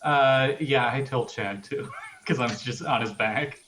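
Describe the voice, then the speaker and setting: A man's voice: medium pitch, unhurried, a bit bright, distant mic, a little hiss or hum. A man playing a tabletop game, easygoing and chuckling as he talks. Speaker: player.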